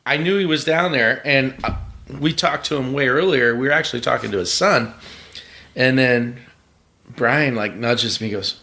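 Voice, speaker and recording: A man talks in casual podcast chat with a bright, forceful tone. He jumps in eagerly with his own stories and laughs easily. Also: medium pitch, moderate pace, gravelly. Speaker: podcast guest, pit crew member.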